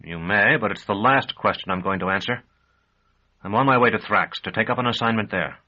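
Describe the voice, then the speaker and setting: A curt, guarded young torturer, voiced by a male audiobook narrator. His replies are short and firm in a lowish voice. The audio is a little dull and lo-fi. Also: fairly quick, pushed and bright. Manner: terse, firm.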